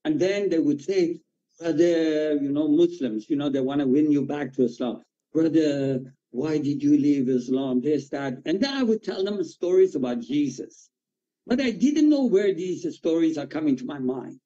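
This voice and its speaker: A pastor whose first language is Farsi tells his personal testimony in an interview, speaking in an animated way and acting out the dialogue. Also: a little high, normal speed, lo-fi sound.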